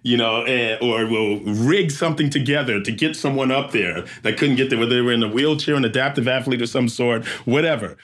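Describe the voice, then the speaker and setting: Race emcee, male, average pitch, animated storyteller who acts out every beat. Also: fairly quick, hardly any pauses. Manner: lively storyteller who acts out sounds and voices.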